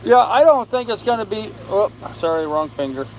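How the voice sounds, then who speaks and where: An older man hosting a casual live stream from his boat, tired and unhurried, greeting viewers by name as he reads their comments. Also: sits high, big pitch swings, low-quality recording. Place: on a sailboat with air conditioning and fan running. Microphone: phone. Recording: faint fan and air-conditioner hum behind.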